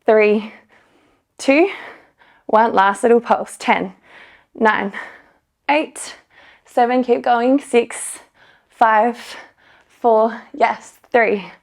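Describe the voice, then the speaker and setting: A young woman instructing a pilates class speaks a little high, very slowly, and pauses often. Though slightly out of breath, she keeps her coaching and rep countdowns upbeat, dotted with light laughs.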